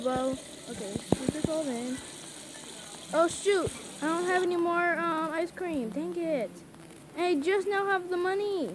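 Woman, high voice, frantic casual gameplay commentary, pleading to herself, clear sizzling game sounds underneath. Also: expressive, normal speed, a little mellow, a little hiss or hum, poor audio.

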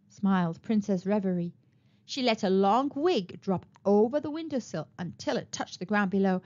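Woman reading a children's book, high and lively voice, expressive storyteller. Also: normal speed, muffled recording. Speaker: storytime reader. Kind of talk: children's read-aloud narration.

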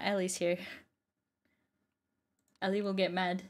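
A woman's voice: mid-range voice, a little slow. A young American woman streaming a game, chatting playfully with frequent swearing and sing-song exclamations. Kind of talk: casual gaming commentary.

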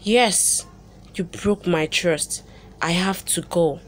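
A woman's voice: fairly low pitch, slow pace, a little hiss or hum. A woman reading the lines of a hurt, angry young wife in an accusing tone.

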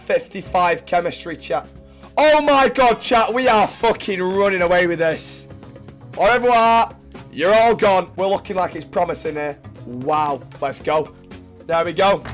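A young man from England commentates his video game as he plays, cursing and chatting to his stream. His voice sits fairly high, and faint music runs underneath. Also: measured pace. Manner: swearing, shouting in excitement. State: voice going hoarse. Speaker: gaming streamer. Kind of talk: excited gameplay commentary.

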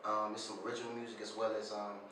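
A man talking loosely in a casual interview, full of fillers, from Chicago, his voice low with morning roughness. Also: level tone, fast. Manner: laid-back, loose talk with many fillers. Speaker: singer being interviewed. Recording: echoey room, distant mic, noisy.

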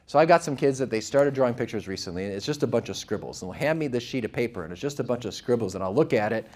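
A man's voice: medium pitch, animated, rapid-fire, darkish tone. Earnest man speaking to an audience. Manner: earnest, conversational, asks the audience questions; vivid storytelling with quoted voices. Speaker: Catholic speaker. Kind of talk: talk to a live audience.

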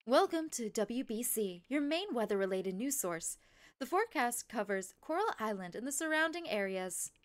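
A woman's voice: a little high, expressive, moderate pace, no echo, close to an everyday voice. A woman voicing a television weather presenter in a polished announcer delivery. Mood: formal. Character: smooth female TV weather presenter.

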